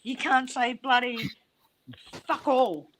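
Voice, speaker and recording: A woman's voice: high voice, steady tone, slow pace, crowd noise. A woman chatting casually as a guest on a livestream, blunt, swearing often and laughing. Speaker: stream guest. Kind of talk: casual chat.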